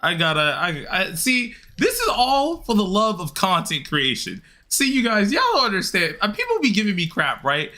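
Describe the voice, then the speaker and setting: A young adult man chatting casually and rambling while he streams a game, leaping into high excited yelps. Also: moderate pace, hardly any pauses. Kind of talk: casual gaming stream chat.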